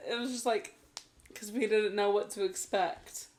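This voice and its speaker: A woman's voice: medium pitch, steady tone, normal speed, a little mellow, slight background noise. A young woman chatting with a friend, mostly chiming in with short words of agreement. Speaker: co-host. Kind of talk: casual chat.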